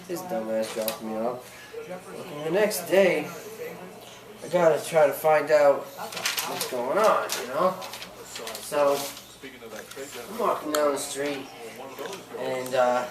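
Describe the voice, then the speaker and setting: A man's voice: on the high side, recorded from a distance. A man doing stand-up, telling a long profane story in rambling slang. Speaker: stand-up comedian. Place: comedy club stage with audience. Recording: roomy club with crowd noise.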